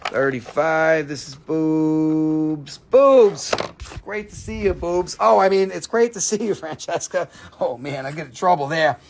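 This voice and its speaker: Guy on a live sale stream, slightly high voice, chatty, quick with the prices, playful little asides. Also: animated, creaky, slight background noise. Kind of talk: casual live-stream selling. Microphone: phone camera.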